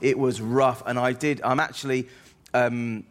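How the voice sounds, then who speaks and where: Comic, self-deprecating, rambly anecdotes, middle pitch. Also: male voice, fairly even intonation, measured pace. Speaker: comedian guest. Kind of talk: anecdotal interview chat.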